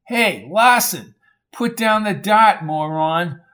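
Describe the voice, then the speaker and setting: A man's voice: sits high, lively intonation, a little slow, pitched above the performer's own voice. A man reading an audiobook, voicing a hot-tempered nightclub owner who talks brash and confrontational. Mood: taunting. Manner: brash, confrontational, tough-talking.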